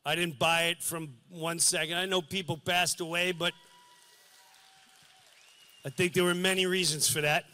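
A male comedian on a live stage, telling a story with earnest, preachy passion and acting out scenes with sudden shouts. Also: fairly high pitch, flat delivery, normal speed, long pauses. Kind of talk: stand-up comedy.

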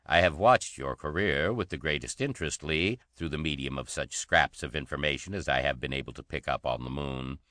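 A man voicing a scheming villain with a slow, formal, self-assured manner. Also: rumbling low, sharp tone, no room sound, studio quality. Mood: menacing. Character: scheming male villain, smooth and grand.

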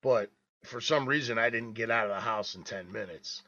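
A man with a bright, forceful voice tells a rambling story among friends, swearing freely and chuckling as he goes. The podcast audio is dull and lo-fi. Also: fairly low pitch, moderate pace. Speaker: podcast co-host.

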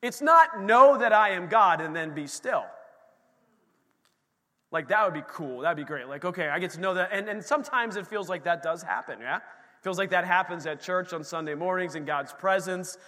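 High bright-voiced guy preaching in church, animated, long echo off the sanctuary. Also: moderate pace. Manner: animated preaching, acts out quoted voices, calls out to the congregation. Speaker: pastor. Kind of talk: sermon.

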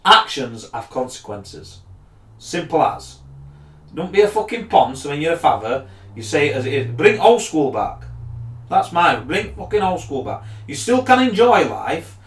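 A man's voice: on the high side, very animated, unhurried, a bit bright. A man, ranting bluntly and swearing a lot in casual chat. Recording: echoey room.

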